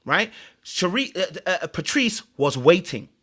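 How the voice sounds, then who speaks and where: A man's voice: high-pitched, sing-song, moderate pace, bright, forceful tone. A man hosting a reaction commentary, animatedly explaining body language in clips and repeating phrases for emphasis. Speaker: host and commentator.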